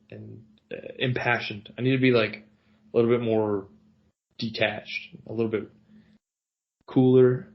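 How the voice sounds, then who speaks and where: A man co-hosting a podcast in casual chat, animated, self-mocking and jokey. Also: medium pitch, dull audio. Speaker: podcast co-host.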